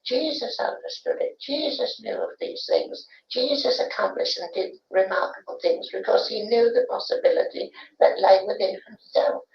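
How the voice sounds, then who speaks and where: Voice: mid-range voice, animated, normal speed, gravelly, few pauses. A medium voicing the spirit of a young Cockney boy, preaching earnestly about human potential on an archival recording. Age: about 12 as played. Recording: roomy, dull archival séance tape.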